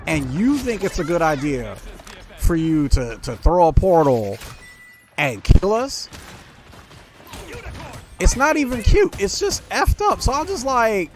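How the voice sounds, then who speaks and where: A man with a slightly high voice rants as a gaming host, his pitch swinging wide as he vents with indignation and mocks people in quoted voices. Music plays clearly behind him. He keeps up a casual, worked-up commentary. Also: a little slow, pauses often. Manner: animated, indignant ranting with mocking quoted voices. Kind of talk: ranting gameplay commentary.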